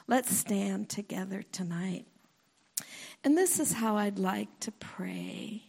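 Hushed, husky woman preaching. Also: mid-range voice. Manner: slow, hushed and earnest, often dropping to a whisper. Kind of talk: sermon with prayer. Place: church hall before a congregation.

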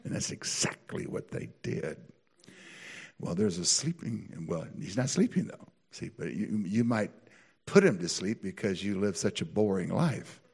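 A gravelly man preaching with a lively, swooping voice. He tells stories with animated energy and climbs to high, excited peaks. His voice sounds slightly husky. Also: a little slow. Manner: animated storytelling, builds to high excited peaks, laughs often. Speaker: pastor. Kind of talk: sermon.

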